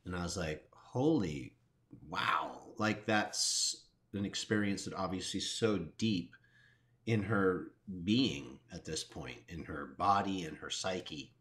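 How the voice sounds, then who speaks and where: A man co-hosting a show, speaking with slow awe about what he just heard. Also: sits low, fairly bright tone. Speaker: co-host. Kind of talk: casual chat.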